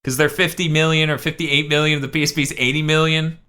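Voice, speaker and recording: Guy cohosting a podcast, kinda high voice, swears a lot, jokey and loud. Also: fairly quick. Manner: animated, profane and joking. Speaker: podcast co-host. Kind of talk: casual chat.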